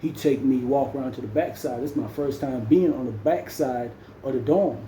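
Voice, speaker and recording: A man's voice: mid-range voice, normal speed, dark tone, roomy sound, a little hiss or hum, poor audio. A man with a Jamaican accent telling a story in casual slang, dropping "man" into nearly every sentence. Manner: slangy, peppers speech with "man". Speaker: storyteller vlogger.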